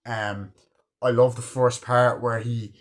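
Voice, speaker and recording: A man's voice: medium pitch, little pitch movement, slow. A man in his twenties casually reviewing a movie with rambling, profane enthusiasm. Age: 20s. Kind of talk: casual chat.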